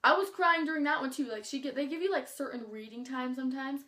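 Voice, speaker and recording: A woman's voice: high-pitched, quick pace, sharp tone. A teenage girl talking casually about books as a vlogger, gushing and chatty with lots of filler words. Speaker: book vlogger. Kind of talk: casual chat.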